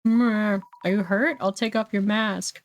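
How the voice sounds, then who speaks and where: A woman reading a game's dialogue aloud, voicing an earnest young heroine who gently reassures the hostages she has come to rescue. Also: mid-range voice, fairly even intonation, measured pace, lightly acted. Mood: reassuring.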